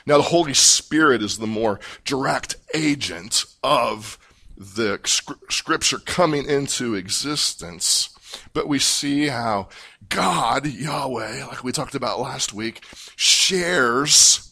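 A man preaching a sermon, teaching through a Bible passage in a measured, emphatic way. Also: medium pitch, creaky, sharp tone, slightly rough. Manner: measured, emphatic teaching delivery with pauses and restarts. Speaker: pastor. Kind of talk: expository sermon.

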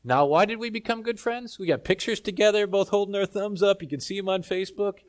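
A man from South Africa preaching a sermon, telling a lively story with humor. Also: high-pitched, fast.

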